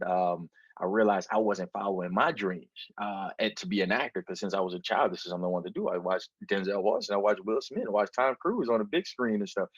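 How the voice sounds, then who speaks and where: A man's voice: deep voice, no echo. Candid New Orleans man, slightly muffled. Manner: animated storyteller, candid and emphatic. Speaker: actor guest. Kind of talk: casual interview answers.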